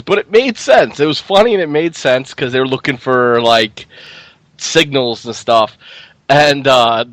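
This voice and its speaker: A man's voice: medium pitch, measured pace, fairly bright tone, no echo. A man co-hosting a casual film review chat, retelling scenes and laughing often.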